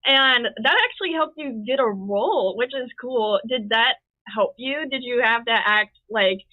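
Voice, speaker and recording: A woman's voice: on the high side, a little slow, no echo. Host woman on a tinny line. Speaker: interview host. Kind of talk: casual interview questions.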